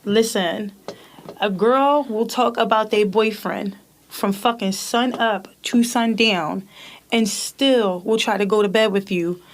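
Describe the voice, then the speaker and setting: A woman in her thirties co-hosting a podcast, telling stories in animated, profane casual chat and laughing often. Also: mid-range voice, takes it slowly. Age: 30s. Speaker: podcast co-host.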